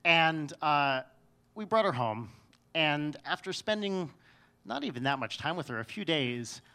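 Man, live storytelling, wry and self-mocking, higher voice, sharp bright tone. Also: animated, unhurried, clear, resonant tone.

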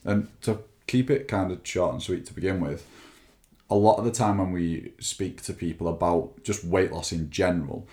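A man's voice: sits low, moderate pace, a little mellow. A young British man co-hosting a weight loss podcast, chatting casually and teasing his co-host. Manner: chatty, teasing, banter-driven. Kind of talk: casual chat.

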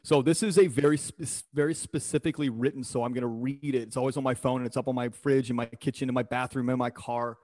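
A man on a podcast, talking in an emphatic, motivational way with blunt and sometimes coarse words. His voice sits at a middle pitch, and the recording is dry and close, with no room sound around him. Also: fairly even intonation, quick pace, few pauses, darkish tone, dry recording. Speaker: podcast guest, performance coach. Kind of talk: casual podcast conversation.

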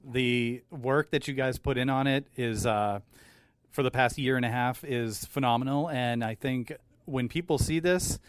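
A man's voice: mid-range voice, unhurried, clean tone, no room sound, studio quality. A man who hosts a podcast, talking with enthusiasm and repeating words as he builds a point. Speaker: podcast host. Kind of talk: casual chat.

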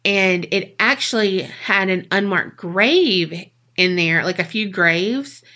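A woman co-host narrating a strange tale in loose, conversational podcast style. Her voice is bright and forceful, and she swears casually as she goes. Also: medium pitch, slow pace. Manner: chatty, swears freely. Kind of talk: casual storytelling.

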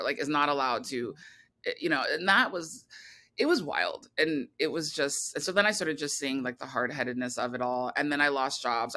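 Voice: mid-range voice, bright, forceful tone. A filmmaker talking as a guest in an interview, rambling with many fillers and restarts. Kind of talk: casual interview talk.

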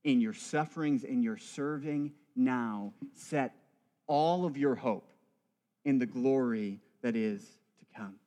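A man's voice: medium pitch, slow pace, mellow. A male priest delivering a church sermon with rhythmic, building emphasis and wry asides.

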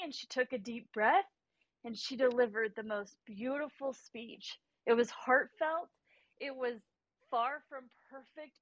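A woman in her thirties with a fairly high voice, speaking as a guest over a remote call. She tells her story with passion and conviction. The sound is dry and close, with no room around it. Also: fairly bright tone, no room sound, highs cut off. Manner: passionate, faith-driven storytelling. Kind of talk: livestream interview.

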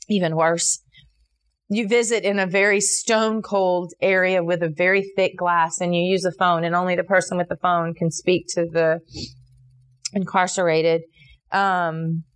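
A middle-aged woman with a slightly low voice shares a personal testimony. She talks earnestly and animatedly, with plenty of fillers and restarts. She jumps up in pitch when she acts out her own replies. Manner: voices others in quotes, jumping high for her own reactions. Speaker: interviewee.

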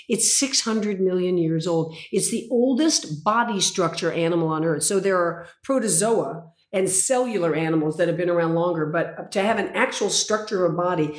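An older woman in her sixties, a guest in an interview, telling stories intensely and dramatically. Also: on the low side. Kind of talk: interview conversation. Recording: roomy echo.

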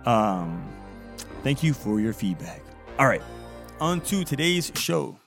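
A man's voice: medium pitch, big pitch swings, slow pace, gravelly, over music. Rambling male priest hosting a podcast. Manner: rambling, repeats words, many fillers. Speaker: Catholic priest podcast host. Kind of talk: casual podcast talk reading listener feedback.

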